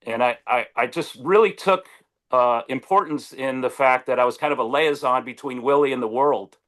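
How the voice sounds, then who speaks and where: A man, a sportswriter guest, telling stories in casual chat over a video call, animated, with frequent restarts and quotes acted out. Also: medium pitch, normal speed.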